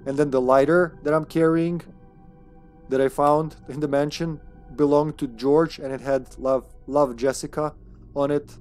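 Chatty streamer playing a horror game live, gets jumpy n swears, mid pitch, bit of music in the back. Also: normal speed. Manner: chatty and excitable, swears when startled. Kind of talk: live gameplay commentary.

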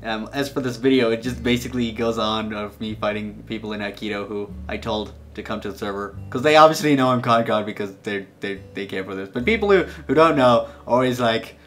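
A man's voice: on the low side, fairly quick, few pauses, a bit bright, faint music behind. A young man hosting a gaming channel, chatting loosely over his gameplay in a playful, rambling way that often restarts and repeats words. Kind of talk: casual gameplay commentary.

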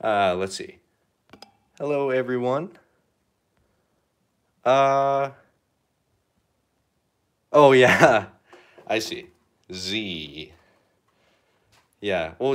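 A man's voice: mid-range voice, lively intonation, extremely slow, pauses often. A young man chatting casually on a painting livestream, rambling and joking with lots of fillers. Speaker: art livestreamer.

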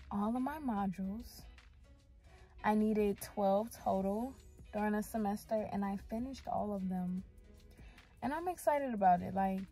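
Young female vlogger, unhurried and talkative, phone held at arm's length, faint music under her. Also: medium pitch, low-quality recording. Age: young adult. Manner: chatty and expressive, lots of slang and fillers. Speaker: radiography student vlogger. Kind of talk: casual vlog chat.

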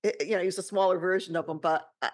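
A woman's voice: fairly low pitch, fairly even intonation, very fast. Chatty woman podcast host. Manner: chatty, laughs often, emotional. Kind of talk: casual chat.

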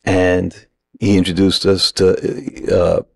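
Gravelly low-voiced man telling a story. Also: slow pace. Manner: animated anecdote teller who acts out quotes. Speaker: podcast guest. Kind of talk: casual storytelling.

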